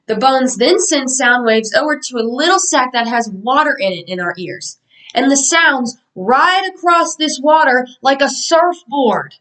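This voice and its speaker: A woman's voice: high-pitched, expressive, unhurried, fairly bright tone, recorded from a distance, rough recording. A young woman giving a mock lesson to a class of children in an upbeat, sing-song teacher voice.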